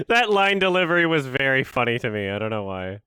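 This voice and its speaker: A man's voice: mid-range voice, bright, forceful tone, clean tone, no echo, clean studio sound. A man hosting a casual watch-along, commenting sarcastically and mocking what he sees on screen. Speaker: host.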